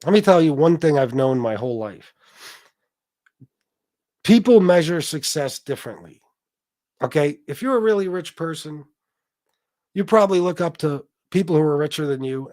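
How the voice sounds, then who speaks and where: This casual livestream features a man with a somewhat high voice who reads comments aloud and rants bluntly with lots of cursing. His delivery is animated, and the audio is dry and studio-clean.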